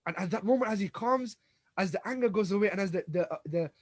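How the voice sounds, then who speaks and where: Fast, high-voiced man telling a religious story. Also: dry recording. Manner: dramatic retelling, acts out quoted dialogue; frequent restarts and repeated words. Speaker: Islamic lecturer.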